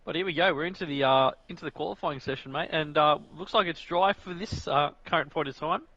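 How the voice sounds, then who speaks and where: A man's voice: fairly high pitch, fairly quick, sharp tone, no room sound. Bantering Australian man commentating, muffled line. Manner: laughing, bantering, reads off the grid. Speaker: sim racing commentator. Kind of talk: casual live commentary.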